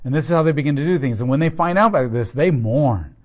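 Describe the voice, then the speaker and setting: Man teaching scripture in a higher voice. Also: very fast. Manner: explains plainly with casual asides and rhetorical questions. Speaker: Bible teacher. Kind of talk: conversational Bible teaching.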